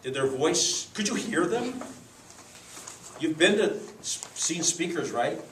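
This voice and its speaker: Lively man leading a judges' workshop. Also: on the high side, slow, a little hiss or hum. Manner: lively, demonstrative teaching with acted examples. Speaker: speech contest judges trainer. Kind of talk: workshop lesson. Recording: echoey room, mic far off.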